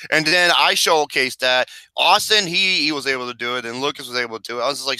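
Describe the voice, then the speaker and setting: A man in casual gaming chat, animated and swearing a lot, laughing often. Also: mid-range voice, fast, few pauses, clean tone, no echo, poor audio. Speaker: co-host.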